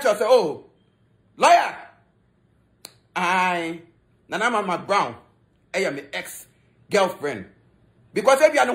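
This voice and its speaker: Switching back and forth between Twi and English, this Ghanaian-accented man mocks and scolds as he gossips about entertainment news. His voice sits at an extremely high pitch and sounds a bit bright.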